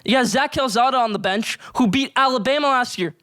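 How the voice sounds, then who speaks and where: A man's voice: very high voice, fairly quick, sharp tone, smooth. Fired-up young-sounding male sports host. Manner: fired-up, emphatic ranting. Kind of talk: solo sports rant.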